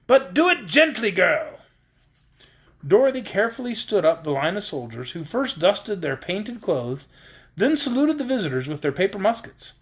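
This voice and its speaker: Guy reading a kids story, pretty high voice, bouncy delivery. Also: gravelly, breathy edge. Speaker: audiobook reader. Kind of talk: storybook narration.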